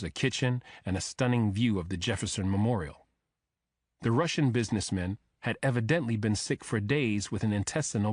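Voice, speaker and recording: A man narrating a thriller audiobook in the first person, telling the story in a measured, even way. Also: fairly low pitch, no echo, clean studio sound.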